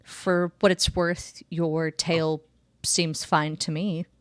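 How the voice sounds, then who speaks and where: A woman voicing a composed woman ship captain who speaks quietly and gently teases. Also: low-pitched, little pitch movement, takes it slowly, clean tone, no room sound. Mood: gentle, reassuring.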